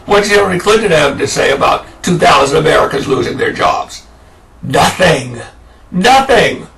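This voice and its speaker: A man's voice: fairly high pitch, brisk, vocal fry, fairly bright tone, far from the mic, poor audio. A man delivering an angry, sarcastic political rant as a commentator. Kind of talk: ranting political monologue.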